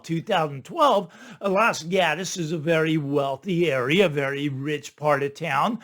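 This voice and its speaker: A middle-aged man hosting his own channel, giving casual, animated commentary on the housing market with lots of asides, sometimes laughing at his own points. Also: on the high side. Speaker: channel host and real estate agent.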